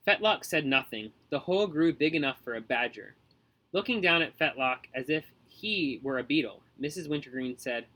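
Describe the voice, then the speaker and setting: A man reading a children's storybook aloud in an expressive, measured way. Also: on the high side. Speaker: audiobook narrator. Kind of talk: storybook narration.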